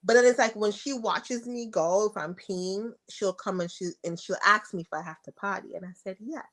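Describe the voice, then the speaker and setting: A woman's voice: moderate pace, fairly bright tone. A woman on a podcast talking frankly about being a mother of a toddler, acting out her talks with her daughter in a raised voice. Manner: frank, acts out dialogue with her daughter in a high voice. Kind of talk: casual interview storytelling.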